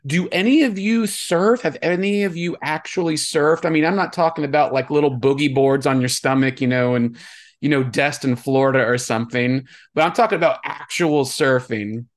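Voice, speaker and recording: A man's voice: on the high side, moderate pace. A man hosting a podcast in casual chat, upbeat and jokey, laughing often. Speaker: podcast host. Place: Texas.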